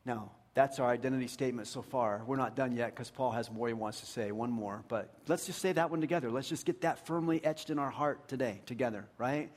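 An earnest pastor preaching a sermon, his voice pitched in the ordinary middle range for a man. He leans into his points and sinks to a hushed near-murmur to stress them. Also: a little fast, hardly any pauses. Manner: earnest, drops to a hushed voice for emphasis.

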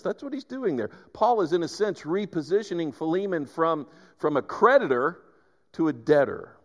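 A man preaching a sermon, telling stories with animated emphasis and frequent restarts. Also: a little high, moderate pace, big-room sound. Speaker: pastor.

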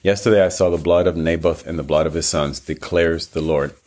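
A man's voice: very deep voice, fairly even intonation, fairly quick, darkish tone. A man voicing a bold, blunt male army commander in a scripted reading. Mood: commanding.

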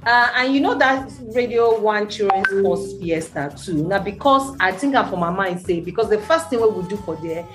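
A middle-aged woman from Nigeria with a Nigerian Pidgin accent, a studio guest giving a radio interview and telling her story in an animated way, her voice jumping up when she stresses a point. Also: mid-range voice, moderate pace, hardly any pauses, music in the background. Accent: Nigerian Pidgin English.

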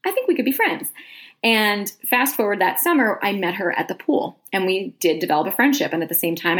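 Chatty woman sharing her story, low voice. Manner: chatty and earnest, with lots of "like" and "um". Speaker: podcast host. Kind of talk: personal faith story, casual monologue.

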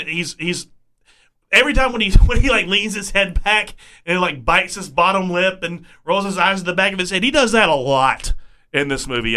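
Amused high-voiced male co-host. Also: pushed and bright. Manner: amused, laughs often. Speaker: podcast co-host. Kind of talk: casual chat.

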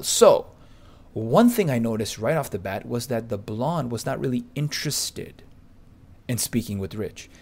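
A man's voice: mid-range voice, darkish tone. A man reading a first-person nightclub story aloud in a boastful, hyped way, full of crude slang. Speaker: podcast narrator.

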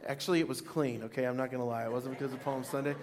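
A man preaching a sermon, reading scripture aloud and asking the congregation questions, with praise lines that rise toward shouting. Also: medium pitch, steady tone, very fast, a little hiss or hum. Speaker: pastor.

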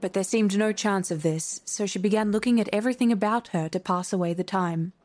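A woman's voice: medium pitch, fairly quick, a little mellow. Woman reading a classic storybook. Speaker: audiobook narrator.

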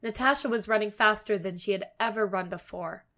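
A woman narrating a fairy tale aloud, expressive and dramatic. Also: mid-range voice, fairly quick. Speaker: storyteller. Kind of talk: storybook narration.

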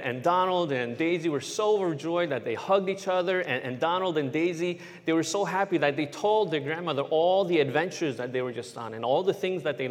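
A pastor telling a children's sermon as an animated story, often checking in with his listeners with "right?". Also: fairly high pitch, long reverb tail.

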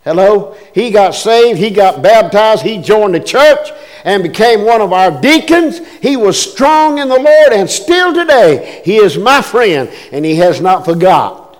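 A man with a high voice preaches in a folksy, emphatic way and calls out to his listeners. His pastor's sermon rings through a church with a long, lingering reverb. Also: very animated, unhurried. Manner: folksy, emphatic preaching with call-outs to the congregation.

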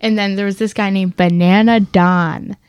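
A woman co-hosting a podcast in casual chat, a lively storyteller who laughs often and acts out the people she quotes. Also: medium pitch, normal speed, clean tone, no room sound, highs cut off. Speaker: podcast co-host.

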